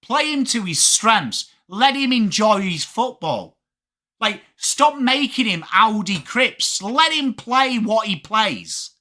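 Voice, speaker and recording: A young English man hosting a live sports watchalong, talking fast and casually, swearing freely and answering chat by name. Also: high voice. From England. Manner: animated, swearing, reads chat names aloud. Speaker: livestream host.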